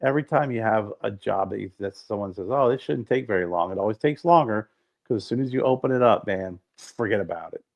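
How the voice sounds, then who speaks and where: A man co-hosting a podcast, telling stories in a casual chat, animated and swearing freely. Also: lowish voice, fast talker. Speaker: podcast co-host. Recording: dull lo-fi sound.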